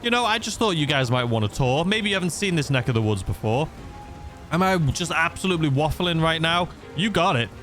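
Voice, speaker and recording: A man's voice: a little high, expressive, brisk, a bit bright, soft background music. A man giving rambling, self-mocking gameplay commentary that tips into frustration. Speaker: gaming YouTuber.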